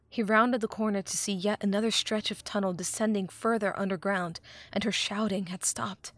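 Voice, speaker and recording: A woman reading a fan fiction audiobook, with expressive narration that drops to a hush at dramatic moments. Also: mid-range voice.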